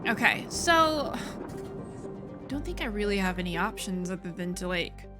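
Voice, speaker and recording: A woman's voice: mid-range voice, sing-song, moderate pace, loud music behind the voice. A woman streaming a video game, chatting casually, frustrated and swearing freely. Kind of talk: casual let's-play commentary.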